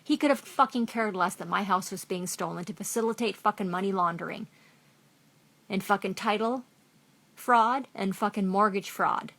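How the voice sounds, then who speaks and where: Furious and profane, a middle-aged vlogger from Canada hurls accusations at the camera and keeps repeating herself. She speaks at normal speed in a mid-range, creaky, slightly bright voice.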